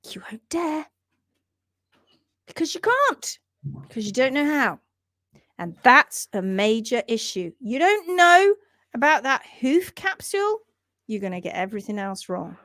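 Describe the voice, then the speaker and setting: Brief: woman, livestream host, emphatic and indignant, somewhat high, dry close sound. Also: moderate pace, dry recording. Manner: animated, emphatic, indignant rants. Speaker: hoof trimming educator, livestream host. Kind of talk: livestream chat reading comments.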